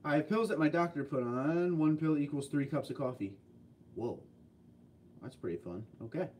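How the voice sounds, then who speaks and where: A talkative man hosts a casual livestream, rambling through stories and quick asides. His voice sits a bit high for a man. He is heard from a little way off the mic. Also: expressive, darkish tone, distant mic, a little hiss or hum. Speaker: livestream host reading viewer chat.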